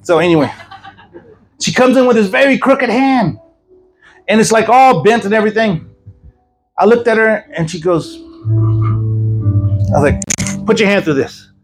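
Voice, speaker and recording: A man preaching a sermon as an evangelist at a church service, telling stories in a lively, joking way. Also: high-pitched, normal speed, long pauses, faint music behind, poor audio. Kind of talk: sermon with storytelling.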